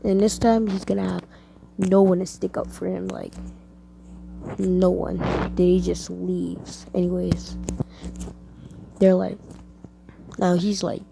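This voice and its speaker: A woman's voice: lowish voice, level tone, takes it slowly, gravelly, pauses often, low-quality recording. Rambling young woman telling a fan story. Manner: rambling, filler-heavy with lots of "like". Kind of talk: casual improvised fan story. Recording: music playing loudly behind. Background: loud music.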